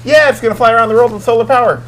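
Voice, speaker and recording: A man's voice: extremely high pitch, rapid-fire. A man co-hosting a casual comedy tech show, joking around and laughing a lot. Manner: jokey, shouts silly bits, laughs a lot. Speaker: co-host.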